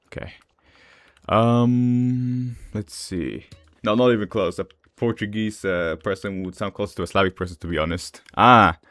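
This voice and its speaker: A man's voice: on the low side, moderate pace, fairly bright tone, no echo. A man with an Eastern European accent chatting casually while playing a game, rambling along with fillers and chuckles. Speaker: gaming streamer. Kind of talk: casual gameplay commentary.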